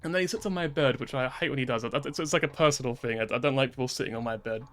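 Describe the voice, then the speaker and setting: A man in his twenties, streaming and ranting in casual chat: animated, exasperated, swearing freely. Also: mid-range voice, racing. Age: 20s.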